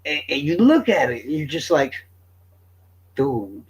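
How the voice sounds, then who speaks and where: Profane high-voiced man. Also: very animated, unhurried, breathy edge. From Florida. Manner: profane, rambling, joking. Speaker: streamer. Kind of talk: crude casual commentary.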